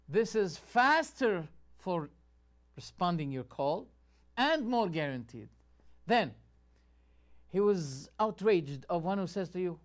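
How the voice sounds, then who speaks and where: A man, a sheikh presenting a show and commenting on video clips with rhetorical questions and muttered asides. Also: high-pitched.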